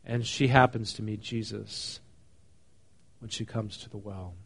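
A man's voice: fairly low pitch, fairly even intonation, unhurried, gravelly, a bit bright, husky. A man preaching a sermon in a conversational way, reading a passage and then explaining it, often asking his listeners questions. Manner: conversational, asks the congregation questions; reads scripture then explains it casually. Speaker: pastor.

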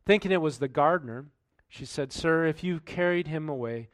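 A man's voice: fairly high pitch, normal speed, dry recording. Man preaching in a dry room. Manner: reads scripture then comments conversationally, rhetorical questions. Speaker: pastor. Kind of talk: sermon.

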